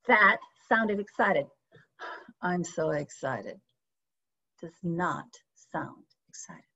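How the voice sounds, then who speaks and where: A woman teaching a sales training session, lively and often checking in with her audience with questions. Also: on the low side, drawn-out words, gravelly, breathy edge. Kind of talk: training session on a video call. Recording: slightly dull lo-fi sound.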